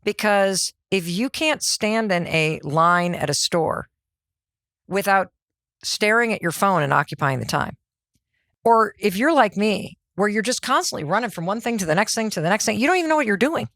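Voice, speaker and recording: Energetic woman podcast host, dry studio sound. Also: medium pitch, moderate pace, no room sound. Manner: energetic, conversational, rhetorical questions. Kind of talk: motivational podcast monologue.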